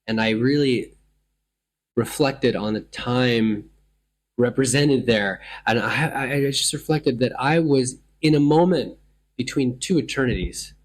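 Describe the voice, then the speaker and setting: A man from the United States hosting a travel show, telling his stories in a thoughtful, meandering way with frequent restarts. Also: on the low side. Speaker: travel podcast host. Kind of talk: reflective travel storytelling.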